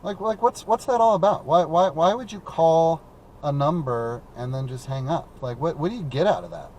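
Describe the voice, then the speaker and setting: A man's voice: a little high, lively intonation, normal speed, darkish tone, dull audio. A young man hosting a call-in talk show while driving around in his car, chatting casually, rambling and repeating words with lots of fillers. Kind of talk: casual chat.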